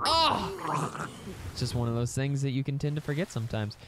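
A man commentating his own gameplay, excitable, chattering to his in-game pets and breaking into squeals and shouts of delight. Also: on the high side, brisk, heavy background noise. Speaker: let's play gamer.

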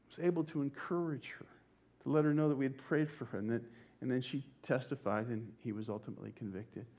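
An older man and pastor, preaching a sermon with slow, emphatic phrasing that sometimes drops to a near-whisper. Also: mid-range voice, dark tone. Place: church.

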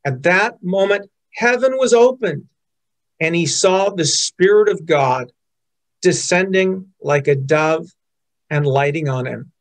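A man's voice: a little high, expressive, slow pace. A man in his fifties giving an earnest, storytelling sermon as pastor. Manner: earnest, storytelling, quotes others in changed voices.

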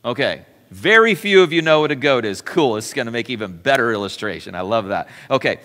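A bright, forceful male pastor preaching in a loose, conversational way, stopping to correct himself and slipping into the voices of the people he quotes. His voice rings out through a church sanctuary with a long echo trailing behind it. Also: medium pitch, expressive, brisk. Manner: chatty, self-correcting, acts out quoted voices. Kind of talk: conversational sermon.

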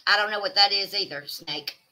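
A livestream host with a Southern American accent chats casually and reads out what her viewers write. Her medium-pitched voice has a sharp tone and a fairly quick pace. She comes across as chatty and exclamatory, with drawling remarks to the chat.

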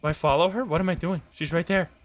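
A man streaming a horror game live, reacting jumpily with excitable, swearing commentary. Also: a little high, fast.

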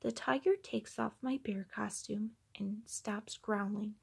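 A woman reading a children's picture book aloud, acting out the sound effects with animated delivery. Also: mid-range voice, takes it slowly, vocal fry, breathy edge. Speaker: storybook reader.

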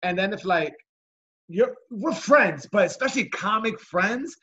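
Male comic host, high and husky, brash teasing storyteller, lo-fi video-call sound. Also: lively intonation, a little slow, pushed and bright. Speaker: podcast host and comedian. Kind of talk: casual chat.

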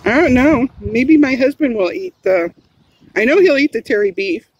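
A woman's voice: a little high, lively intonation, moderate pace, a little mellow, slightly rough, highs cut off. A middle-aged woman, chatting casually while eating on camera, giggling often and rambling. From Hawaii. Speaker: vlogger. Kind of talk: casual mukbang vlog. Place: home, then in a car.

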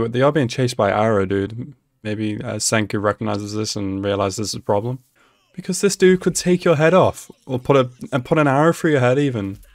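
Excitable man reacting to an episode. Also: on the low side, no echo, studio quality. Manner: excitable, laughs often, exclaims at the screen. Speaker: anime reaction channel host. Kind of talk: casual reaction commentary.

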